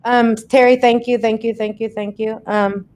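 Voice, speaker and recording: Woman, fairly high voice, chatty livestream host, reads viewer comments, laughs often. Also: flat delivery, normal speed, a little mellow. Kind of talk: casual live chat.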